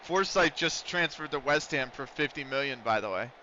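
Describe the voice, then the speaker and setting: Animated and mid-range, he speaks at normal speed with a bright, forceful tone over slight background noise. Living in the United States, he live-streams a football management game and chats loosely between calls of the action, captured in dull lo-fi stream audio.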